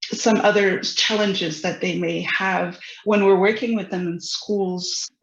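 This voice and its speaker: Education founder guest, mid pitch, earnest, lots of restarts, echoey lo-fi audio. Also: fairly even intonation, takes it slowly, gravelly, fairly bright tone. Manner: earnest explaining, many fillers and restarts. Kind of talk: conversational interview. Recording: roomy, dull lo-fi sound.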